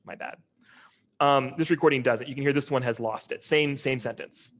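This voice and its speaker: A man giving an informal linguistics lecture over a video call, talking in a relaxed, conversational way with many ums and uhs. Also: mid-range voice, moderate pace.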